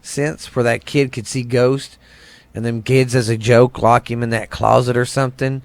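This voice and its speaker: A man's voice: mid-range voice, flat delivery, moderate pace, creaky, dry recording. A man with a Southern US accent chatting on a podcast, cracking crude jokes and swearing as he reacts to a ghost story. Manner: crude joking, swears, riffs on movies. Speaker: podcast co-host. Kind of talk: casual chat.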